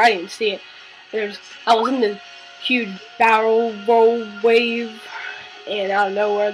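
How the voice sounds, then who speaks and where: A woman's voice: mid-range voice, natural voice, low-quality recording. A young woman mockingly imitating a boastful teenage surfer boy who brags about himself. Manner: bragging, mocking impression.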